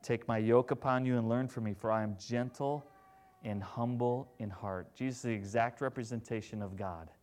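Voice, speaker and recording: A man preaching a sermon, moving between loud, animated retellings and hushed, gentle passages. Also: medium pitch, moderate pace.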